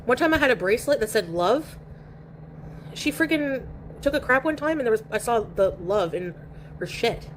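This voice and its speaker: A woman's voice: fairly high pitch, expressive, moderate pace, a little hiss or hum. A woman live streaming from home, chatting casually and reading viewer comments aloud while she eats. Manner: chatty and rambling, eating while talking.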